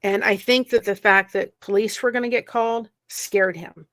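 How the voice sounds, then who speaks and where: A woman telling a painful personal story in conversation, earnest and emotional, with quick asides. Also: medium pitch, steady tone, fairly bright tone, no echo. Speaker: guest sharing a personal story.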